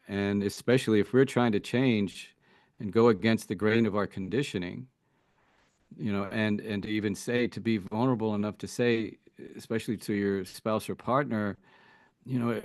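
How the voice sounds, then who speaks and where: A man's voice: fairly low pitch, fairly even intonation, normal speed, darkish tone, no echo, studio quality. A man speaking as a relationship coach guest in an interview, thinking aloud with many "you know"s and restarts. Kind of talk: casual interview talk.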